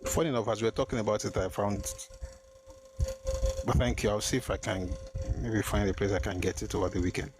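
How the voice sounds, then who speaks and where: A man's voice: fairly low pitch, steady tone, brisk, background noise. Man musing on a live stream. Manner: thinking aloud, restarting sentences, mixing in Yoruba phrases. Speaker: host of a live history stream. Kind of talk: casual live-stream talk.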